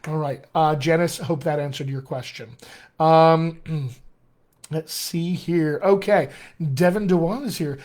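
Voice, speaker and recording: A man's voice: on the high side, a little slow, a little mellow. Upbeat male dialect coach, General American. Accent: General American with a slight Colorado tinge. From Colorado, USA. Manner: enthusiastic and encouraging, addresses listeners as friends; chatty with frequent fillers and restarts. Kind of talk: live-stream Q&A teaching.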